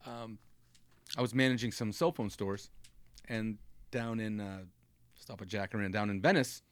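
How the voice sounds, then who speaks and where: On a comedy podcast, a thirtysomething man spins a long, funny story in relaxed conversation, voicing the quotes of the people involved. His pitch is fairly low, his speed normal, and there's no echo.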